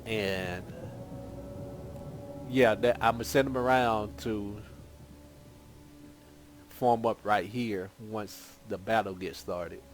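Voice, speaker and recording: A man's voice: fairly low pitch, steady tone, slow, long pauses. A man giving casual, rambling gameplay commentary as a gaming channel host, thinking aloud as he plays. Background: game music.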